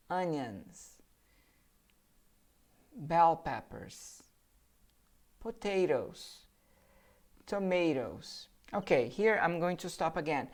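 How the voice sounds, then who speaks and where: Brazilian-accented woman, teacher running an English word drill, deep voice, slow and deliberate. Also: lively intonation, a little mellow. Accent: Brazilian Portuguese. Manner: deliberate, models each word for repetition. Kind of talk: vocabulary pronunciation drill. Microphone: handheld or desk microphone.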